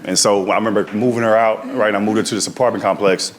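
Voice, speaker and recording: A male stand-up comedian tells stories on stage in a conversational style, frequently ending lines with "right?" His voice is fairly low, steady, and quick. The room sounds echoey, with noise in the background.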